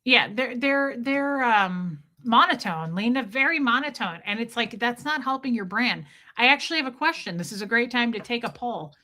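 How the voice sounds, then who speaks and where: Bright, animated woman streamer. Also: fairly high pitch, moderate pace, few pauses. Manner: animated, chatty, greets chatters by name. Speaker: host, livestreamer. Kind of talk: livestream chat commentary.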